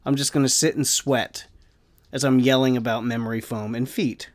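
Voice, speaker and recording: A man's voice: medium pitch, fairly even intonation, normal speed. A man hosting a casual solo podcast rant from home, rambling and self-deprecating, with plenty of swearing. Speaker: podcast host. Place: home room with the fan off.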